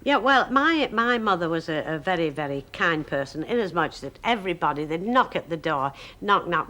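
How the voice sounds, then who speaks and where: A woman's voice: lowish voice, moderate pace, hardly any pauses. An older woman telling a family anecdote, acting out the voices and laughing as she goes. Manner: lively, acts out voices, laughs while telling. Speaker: guest storyteller. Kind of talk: anecdote telling on a chat show.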